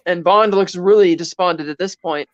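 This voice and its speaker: A woman's voice: on the low side, moderate pace, no echo, highs cut off. A woman co-hosting a podcast, animatedly retelling a film scene in casual chat and briefly acting out the characters' lines. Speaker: podcast co-host.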